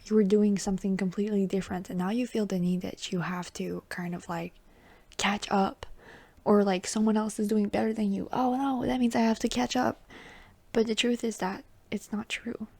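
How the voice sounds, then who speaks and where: A woman giving a tarot reading, talking softly and reassuringly, often dropping into a whisper and calling the listener baby or honey. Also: mid-range voice, steady tone, moderate pace. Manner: chatty and affectionate, calls the listener baby and honey. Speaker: tarot reader. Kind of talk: intuitive tarot reading to viewers.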